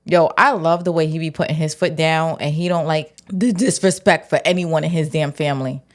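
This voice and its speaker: A woman, giving a casual, animated recap of a TV episode and acting out the characters' lines. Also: low voice, brisk. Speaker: TV recap vlogger.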